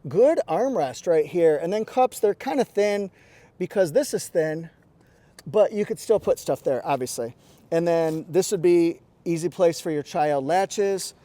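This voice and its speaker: Male car reviewer, casual and quirky, fairly high voice, lapel mic inside a car. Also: lively intonation, a little slow, dark tone, no echo. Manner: chatty, quirky, jokey asides. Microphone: lapel mic pack.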